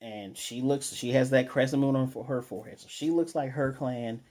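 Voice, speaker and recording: A man's voice: medium pitch, moderate pace, darkish tone. A man casually recapping an anime episode, retelling the scenes loosely and quoting characters as he goes. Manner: loose retelling with quoted lines and restarts. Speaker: anime reviewer.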